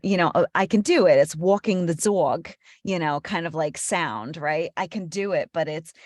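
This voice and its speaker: A woman's voice: low-pitched, lively intonation, moderate pace, a little mellow, no echo, clean studio sound. A woman with a mild rural New Jersey accent, a voiceover coach telling a story in casual chat and laughing easily.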